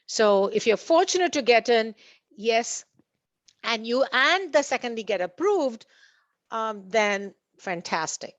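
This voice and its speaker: A woman's voice: on the high side, very animated, slow pace, dry recording, muffled recording. A woman talking in a conversational panel discussion, full of fillers and restarts, laughing now and then at her own stories. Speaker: panelist at a community meeting.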